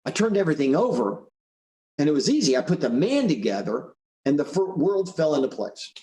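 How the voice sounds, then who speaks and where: A man's voice: a little high, sing-song, fairly quick, mellow, reverberant. A man voicing an eager, clever little boy in a told story. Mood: explaining.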